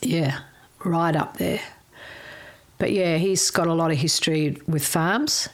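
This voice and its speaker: A woman's voice: sits low, takes it slowly. A middle-aged woman, a former chef telling rambling stories in a casual chat and laughing often.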